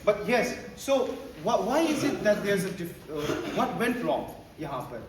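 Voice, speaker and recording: A man running a lively teacher-training workshop, mixing in Hindi phrases and getting the audience to repeat after him. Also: high-pitched, unhurried. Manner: animated, mixes Hindi phrases into English, gets the audience to repeat and clap. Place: large echoey hall with an audience. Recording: echoey hall, voice far from the mic, background noise.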